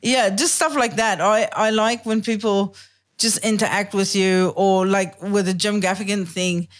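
A woman hosting a podcast in casual chat over a video call, talking freely and swearing, with quick put-on impressions of other people. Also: mid-range voice, fairly even intonation. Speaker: podcast host.

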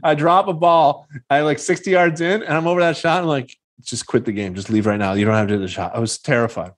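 A man in casual conversation, telling animated stories and acting out what people said. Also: a little high, quick pace. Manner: animated storyteller, acts out quoted voices. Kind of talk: casual chat about golf.

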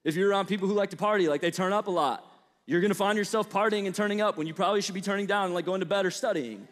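A man's voice: high voice, rapid-fire, a bit bright, big-room sound. A young man from the Midwestern US with a light Southern twang, preaching to college students in a casual, chatty way full of fillers and asides. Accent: Midwestern American with a slight Southern twang. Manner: conversational, storytelling, lots of fillers and asides.

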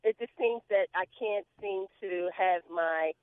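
A woman calls in to a radio show, speaking hesitantly and haltingly with many ums. Her voice comes through a narrow, tinny phone line. The sound is dry, with no room echo. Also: medium pitch. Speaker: caller.

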